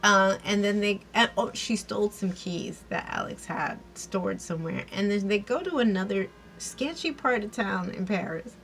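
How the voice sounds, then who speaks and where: A woman's voice: mid-range voice, normal speed, few pauses, fairly bright tone, a little hiss or hum, rough recording. A woman giving a casual recap and review of a TV episode, chatty and giggly, with lots of fillers and restarts.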